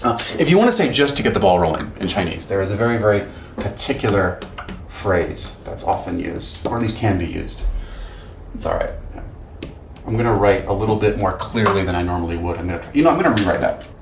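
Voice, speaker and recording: A man's voice: deep voice, animated, a little fast. A man giving a casual whiteboard lesson, rambling with lots of fillers and self-corrections. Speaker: language teacher. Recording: echoey room, faint background noise.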